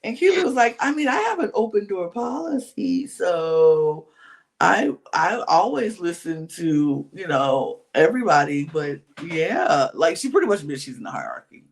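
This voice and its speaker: Chatting casually, a podcast co-host goes over a reality show, impersonating the other people's lines and dropping into whispers at times. Exclamations are slangy and stretched long, and the mid-range voice is sing-song with some creak.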